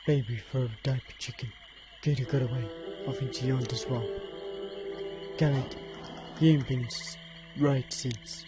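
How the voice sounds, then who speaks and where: An actor voicing a folksy swamp storyteller who narrates a game in clipped, easygoing phrases. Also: male voice, mid-range voice, steady tone, measured pace, over music, lightly acted.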